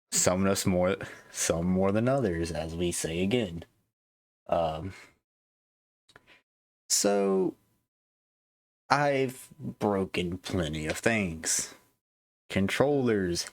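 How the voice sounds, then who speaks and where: A man with a very low voice co-hosts a casual gaming podcast. He talks slowly and unhurriedly, stopping and restarting often and leaning on fillers. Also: dry recording. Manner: laid-back, halting with fillers and restarts. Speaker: podcast co-host.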